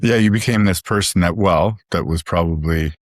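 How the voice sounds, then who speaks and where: A man's voice: deep voice, normal speed, no echo, clean studio sound. A man guesting on a podcast, talking in a laid-back way and trailing off. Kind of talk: casual chat.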